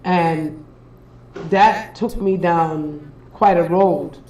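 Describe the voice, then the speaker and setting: A woman's voice: lowish voice, drawn-out words, warm tone, reverberant, recorded from a distance, a little hiss or hum, rough recording. A young Trinidadian woman, a spiritual reader hosting a casual livestream, tells a story in an emphatic, profane way, repeating phrases for effect.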